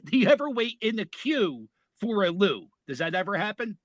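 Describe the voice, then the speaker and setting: An American man with a Philadelphia accent, a podcast guest chatting casually and telling stories in an animated way. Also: high voice, moderate pace, no echo. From United States. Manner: animated storyteller, laughs often. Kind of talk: casual chat.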